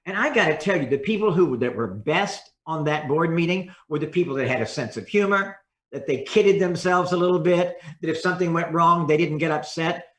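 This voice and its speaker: A man speaking as a communication coach in a podcast interview, expressive and acting out different tones of voice. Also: on the high side, echoey room.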